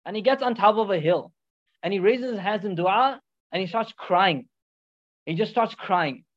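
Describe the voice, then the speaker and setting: A religious teacher telling a story as a sermon, often checking in with listeners with a quick "right?" or "okay?" and weaving in short Arabic phrases. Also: medium pitch. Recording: dull lo-fi recording.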